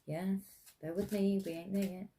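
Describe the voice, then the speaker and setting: A woman's voice: medium pitch, steady tone, normal speed, warm tone, a little hiss or hum. A woman with an English accent giving a casual, chatty tarot reading, with many fillers and frequent laughs. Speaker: tarot reader.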